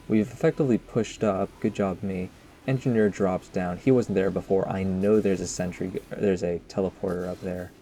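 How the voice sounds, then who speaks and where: A gaming commentator with a mellow, lowish voice rambles casually over footage of his own match after it ends, cracking jokes at his own expense and tossing asides to viewers. Slight hiss or hum is audible.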